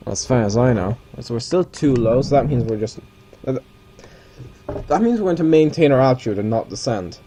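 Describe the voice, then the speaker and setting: A man's voice: medium pitch, expressive, moderate pace, noisy background. A man giving casual, rambling commentary while playing a flight simulator. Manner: rambling, chatty asides with self-corrections.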